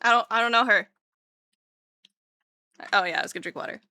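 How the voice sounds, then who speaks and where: Bubbly and easily excited, a young woman livestreamer chats casually with her viewers, her voice leaping up as she greets them and dropping self-mocking jokes along the way. Her fairly high voice comes across bright and forceful. The recording is dry, with no room sound at all.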